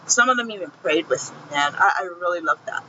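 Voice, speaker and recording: A woman's voice: fairly low pitch, lively intonation, brisk, bright, forceful tone, muffled recording, slight background noise. A woman telling her own painful story in a vlog, heated and profane, speaking with raw feeling. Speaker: vlogger recounting her own experience. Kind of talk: emotional personal storytelling.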